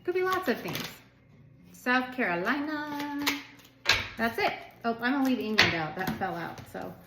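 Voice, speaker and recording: A woman's voice: a little high, animated, normal speed. Chatty woman reading tarot in echoey room. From United States. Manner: chatty and rambling, with many "like" fillers. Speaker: tarot card reader. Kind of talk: casual tarot reading to viewers. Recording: echoey room with background noise.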